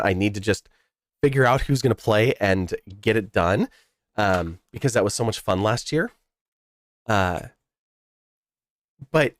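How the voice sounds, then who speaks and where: A man's voice: medium pitch, dry recording, clean studio sound. A man livestreaming from his home setup, casually chatting with viewers and telling a long story, his voice jumping up when he quotes people. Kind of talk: casual chat with stream viewers.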